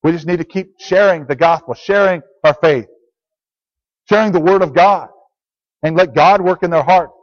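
A man's voice: fairly high pitch, normal speed, pauses often. A man preaching a sermon to a congregation, earnest and plain, repeating key phrases as he teaches. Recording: dull lo-fi recording.

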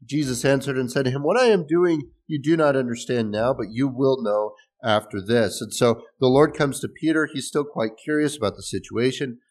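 A man's voice: mid-range voice, moderate pace, few pauses, darkish tone. A man preaching a sermon in a conversational way, explaining scripture with restarts and small laughs. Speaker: pastor.

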